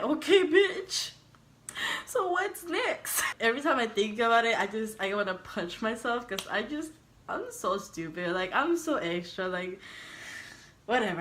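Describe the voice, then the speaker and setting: A young woman vlogger casually telling a personal story, laughing often, swearing freely and acting out what people said. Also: mid-range voice. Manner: animated, laughing, swearing, acts out quotes.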